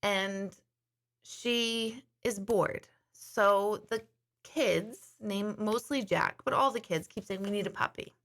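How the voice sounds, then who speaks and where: A woman's voice: medium pitch, slow pace, a bit bright. A middle-aged woman host chatting casually to her viewers, telling a long rambling story. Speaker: intuitive host.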